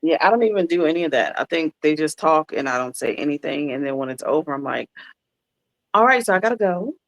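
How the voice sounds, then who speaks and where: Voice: mid-range voice, quick pace, gravelly. A podcast co-host in casual chat, joking and playing out little scenes.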